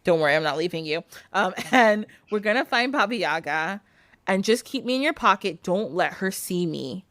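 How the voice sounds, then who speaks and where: A calm talking doll, as a woman puts it on. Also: medium pitch, normal speed, no room sound, close to an everyday voice. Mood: comforting.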